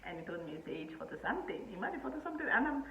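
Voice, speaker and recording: A woman in her twenties from Nigeria, telling a personal story to camera in a chatty, animated way, laughing often and using many fillers. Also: fairly high pitch, rapid-fire, reverberant, lo-fi sound. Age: 20s. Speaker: vlogger.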